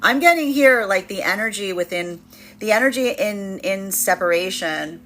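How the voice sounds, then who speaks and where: Bright-voiced chatty woman reading tarot. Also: medium pitch, lively intonation, normal speed. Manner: chatty, with many fillers, laughing while acting out quoted voices. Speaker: tarot reader. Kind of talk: casual spoken tarot reading.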